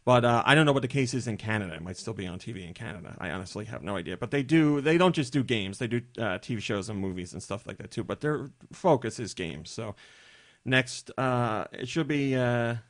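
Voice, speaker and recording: A man's voice: medium pitch, animated, a little fast. A man hosting a podcast in casual chat, chatty and jokey with rambling asides. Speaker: podcast host.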